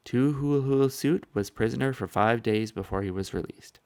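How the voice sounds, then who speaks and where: A man narrating a historical first-person account in a measured, solemn way, with a gravelly voice. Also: medium pitch, a little mellow, dry recording. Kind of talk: solemn reading of a historical speech.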